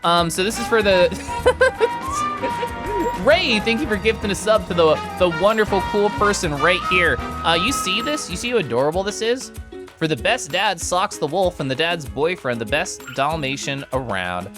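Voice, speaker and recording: A man streaming a video game, chatting casually and excitedly while reading chat aloud and giggling. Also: high-pitched, moderate pace, loud music behind the voice.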